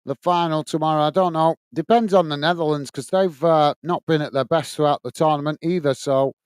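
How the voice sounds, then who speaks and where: A man's voice: on the high side, steady tone, fairly quick, clean tone, dry recording. Chatty man hosting a live stream. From England. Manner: reads out viewer messages and thanks them; chatty, says "mate" and "guys" a lot. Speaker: watch-along host.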